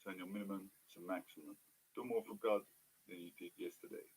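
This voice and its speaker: A man's voice: low voice, fairly even intonation, brisk, darkish tone, slight background noise, poor audio. A man delivering a self-promotional chant in a rhythmic, declaiming way.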